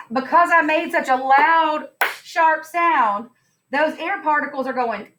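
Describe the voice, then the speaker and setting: A woman's voice: sits high, fairly bright tone, a little hiss or hum. A woman teacher giving a science lesson in a classroom, upbeat and playful, putting questions to her students.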